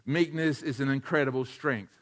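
A man preaching a sermon, animated, swinging from hushed to near-shouting and chuckling between points. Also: medium pitch, moderate pace. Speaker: pastor.

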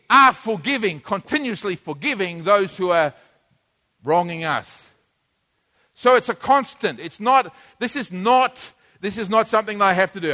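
A man's voice: sits high, expressive, normal speed, sharp tone. A man preaching a sermon, teaching plainly and then building to emphatic, repeated points.

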